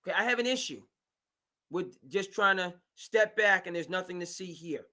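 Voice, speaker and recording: Host, male, high bright voice, animated and emphatic live sports talk. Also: normal speed. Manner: animated, emphatic, mimics owners in asides.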